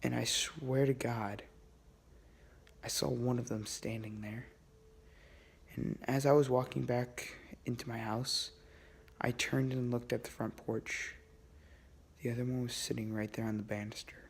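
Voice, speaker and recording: A young man recounting a spooky personal story at home, speaking low and hushed into a handheld camera. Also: steady tone, measured pace, gravelly, pauses often, slight background noise. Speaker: vlogger. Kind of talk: first-person scary story telling. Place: at home, indoors.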